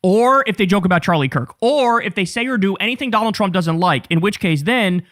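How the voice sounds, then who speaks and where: Profane, sarcastic male commentator, high pitch, close dry mic. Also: expressive, brisk, a bit bright, no echo. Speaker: political commentary host. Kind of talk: angry political commentary reacting to clips.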